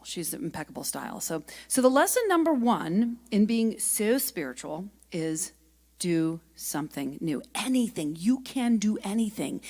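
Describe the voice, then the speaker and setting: A middle-aged woman giving a lively, chatty spiritual talk at a spiritual center, telling stories and asking her audience questions. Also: medium pitch. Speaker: guest speaker and singer.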